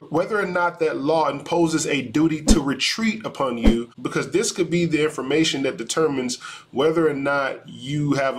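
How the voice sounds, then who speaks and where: Measured man explaining the law. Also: fairly high pitch. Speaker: attorney. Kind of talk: legal commentary reacting to video.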